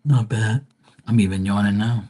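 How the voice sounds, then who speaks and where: Husky low-voiced man chatting on a live stream. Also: fairly even intonation, normal speed, dark tone. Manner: loose, chatty, mild swearing, addresses viewers by name. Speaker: live-stream tarot reader. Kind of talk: casual live-stream chat with viewers.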